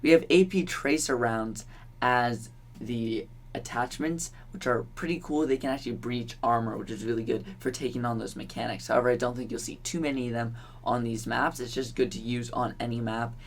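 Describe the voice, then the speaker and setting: A man's voice: medium pitch, steady tone, normal speed, slight background noise. A young man from Canada hosting a gaming channel, talking through game content in a chatty, offhand way with ums and little laughs. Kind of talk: casual gaming commentary.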